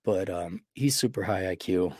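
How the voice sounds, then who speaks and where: A man's voice: deep voice, moderate pace, mellow, husky, no echo. Dry-sounding man with a cold. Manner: rambling, self-deprecating, restarts often. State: sick with a cold. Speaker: podcast host. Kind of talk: casual monologue.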